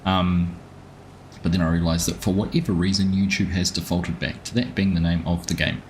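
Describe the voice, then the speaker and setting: Deep-voiced man chatting on a live stream. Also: steady tone, moderate pace, a little mellow, a little hiss or hum. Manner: chatty, greets viewers by name between gameplay remarks. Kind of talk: casual live-stream commentary.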